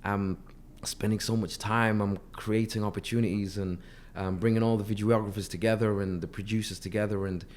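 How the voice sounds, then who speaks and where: A man who has lost his voice speaks hoarsely as an interview guest, earnest and often repeating words as he starts a sentence. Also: fairly low pitch, steady tone, fairly quick, few pauses, darkish tone. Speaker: artist manager, guest. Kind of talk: casual interview talk.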